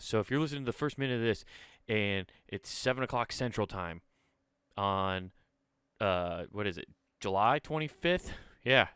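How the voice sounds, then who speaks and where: Man, low voice, smooth and clear, dry close mic, profane rambling comedy podcast host. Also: a bit bright, dry recording. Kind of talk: casual solo comedy podcast rant.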